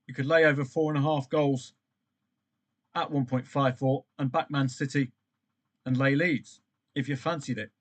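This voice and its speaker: A man's voice: mid-range voice, normal speed, pauses often. A man hosting a football trading live stream, chatting with viewers and calling out matches. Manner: chatty, animated, addresses viewers by name.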